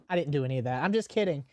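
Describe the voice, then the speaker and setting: A man hosting a gaming podcast, speaking candidly and emotionally, with deadpan jokes. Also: a little high, very noisy. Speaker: podcast host and live streamer. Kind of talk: casual podcast chat.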